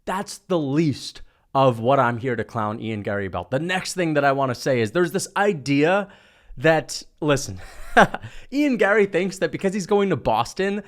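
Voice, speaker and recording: A man from New rants about combat sports in a high, lively voice. He mocks and swears freely, with the loose tone of a casual vlog. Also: moderate pace. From New York. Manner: mocking, profane, animated. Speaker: MMA commentator vlogger. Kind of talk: casual rant.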